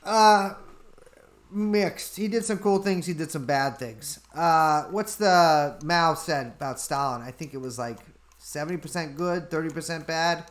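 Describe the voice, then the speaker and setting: A man hosting a casual livestream, reading out chat questions and answering them in an offhand, deadpan way at a desk mic. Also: fairly high pitch, measured pace. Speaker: podcast host answering chat.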